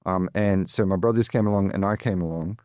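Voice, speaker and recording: This is an Australian man with a fairly low voice, talking casually as a guest on an interview show. He rambles a little and leans on fillers as he tells his story. The sound is dry and close, with no room echo. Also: brisk, darkish tone. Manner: chatty, digressive, many fillers. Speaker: guest, financial advisor.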